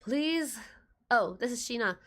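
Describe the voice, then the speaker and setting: Playful young woman streamer, high bright voice. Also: expressive, measured pace. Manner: playful, giggly. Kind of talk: casual livestream chat.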